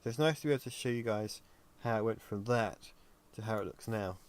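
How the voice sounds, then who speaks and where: A tired man chatting casually on a livestream while he works on 3D animation, thinking aloud with frequent pauses and ums. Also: fairly low pitch. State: tired and yawning. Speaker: 3D animator livestreaming his work.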